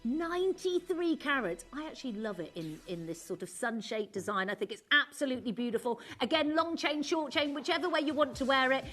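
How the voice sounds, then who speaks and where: A woman presents jewellery on a live shopping channel, gushing and giggly. Her voice is high and jumps around a lot. Faint music plays under her sales pitch. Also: animated, fairly quick, few pauses, a bit bright.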